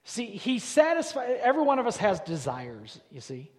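A pastor preaching to his congregation, his voice sitting a little higher than most men's. He presses his points with repeated words and climbs to loud, emphatic peaks. The long reverb of a large church hall trails after every phrase. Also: huge pitch swings, moderate pace. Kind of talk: sermon. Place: church sanctuary.

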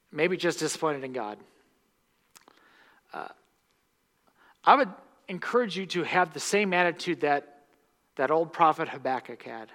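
A man preaches to his congregation with a bright, forceful voice pitched a little high. He swings between hushed, intimate lines and loud, impassioned bursts. The sound rings with the long reverb of a church sanctuary. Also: measured pace, pauses often. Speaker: pastor. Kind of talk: sermon.

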